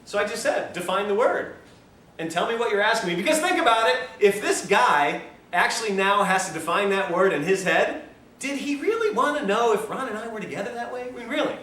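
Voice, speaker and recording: Speaking fairly quickly in a high, bright voice, a man gives a storytelling health lecture to a live class. He's animated, voices the people in his stories and laughs often. The mic picks him up from a distance in an echoey room with a faint hiss.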